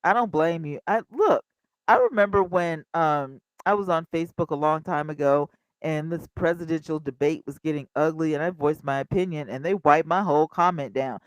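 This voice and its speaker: A woman in her fifties hosting a casual livestream, chatty and animated, talking straight to her viewers. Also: low-pitched, normal speed, no room sound, low-quality recording. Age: 50s. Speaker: livestream host.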